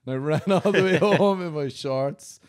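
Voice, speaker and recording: An Irish man chatting as a podcast guest. He tells stories in a relaxed way and laughs often. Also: fairly high pitch, normal speed. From Ireland. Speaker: guest comedian. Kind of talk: casual chat.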